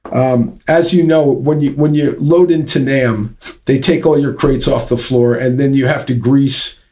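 A man's voice: mid-range voice, fairly even intonation, measured pace, dark tone. A man telling a long story as an interview guest, rambling with many fillers and restarts. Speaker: interview guest, drum company founder. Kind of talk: casual storytelling.

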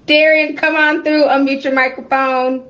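A middle-aged woman with a high voice hosts a casual live call-in room. She laughs a lot and teases her listeners. The sound is dull and lo-fi, like a streamed online room. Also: flat delivery, normal speed, a bit bright. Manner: laughs often, teasing, calls people honey.

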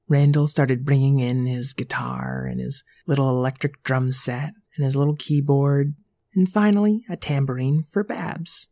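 Children's storyteller, playful, expressive, scripted narration. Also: medium pitch, moderate pace, creaky, no room sound.

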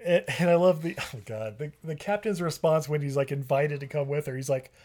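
A man's voice: a little high, a little fast, a little mellow. Man co-host, casual comedic recap, rambling and laughing. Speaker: podcast co-host.

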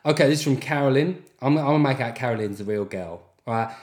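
A man's voice: medium pitch, quick pace, few pauses, a little mellow, reverberant. A man hosting a podcast, delivering a sweary, jokey comic monologue and reading out listener reviews. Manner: sweary, jokey, slips into mock accents. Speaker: podcast host.

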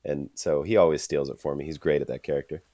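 Deep-voiced man in lively casual chat. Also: fast, dry recording, studio quality. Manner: enthusiastic, acts out quotes, says "dude". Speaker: podcast co-host.

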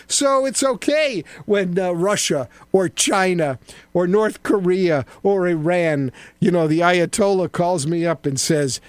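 A man's voice: on the high side, measured pace, no echo. A middle-aged man and former congressman hosting a satirical political chat, rambling and mocking with frequent stammered restarts. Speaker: show co-host, former congressman.

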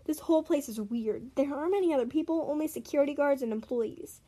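A woman reading her own made-up story aloud, earnest and expressive, with small stumbles. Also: sits high, quick pace.

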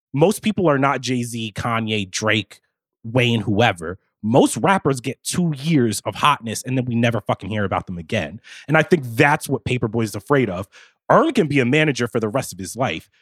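A man's voice: mid-range voice, no echo, studio quality. A man co-hosting a podcast as a music reporter, breaking things down in an analytical, casual way.

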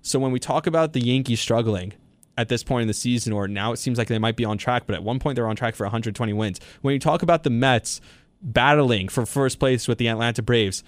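A young man hosts a sports podcast alone. His voice sits at a middle pitch, and he sounds opinionated, rambling through long thoughts with the odd "um" and "uh". The mic is close and dry, with no room sound. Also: fast talker, dry recording. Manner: opinionated, talks in long run-on thoughts with fillers. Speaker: podcast host. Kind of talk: solo sports podcast commentary.

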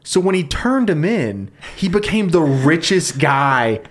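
A man telling a story on a comedy podcast, talking fast and loosely. He piles on fillers and jokes as he goes. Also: on the high side, a little hiss or hum. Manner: fast, animated retelling with fillers and laughs. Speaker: podcast co-host pitching a story.

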